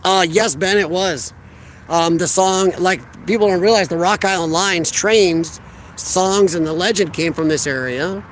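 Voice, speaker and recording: A man's voice: sits high, measured pace, slight background noise. A man with a Midwestern American accent hosting a casual live stream outdoors at a riverfront park, talking into a handheld phone and answering viewers' chat. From United States. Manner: chatty, reads out viewers' chat and answers them. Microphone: phone camera held by the speaker.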